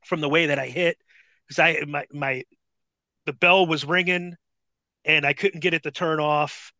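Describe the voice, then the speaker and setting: A man recounts a wrestling story in a casual, profanity-laced, animated way. His voice sits high with a bright, forward tone. The recording is dry and close. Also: unhurried, dry recording. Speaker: podcast guest, former wrestler. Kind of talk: casual anecdote telling.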